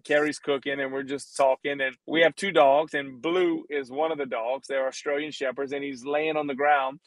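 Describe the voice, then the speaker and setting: A man's voice: a little high, no echo, rough recording. Laughing, storytelling man, dry close sound. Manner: storytelling, laughing easily, stammering restarts. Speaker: podcast co-host, former football player. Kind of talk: casual chat.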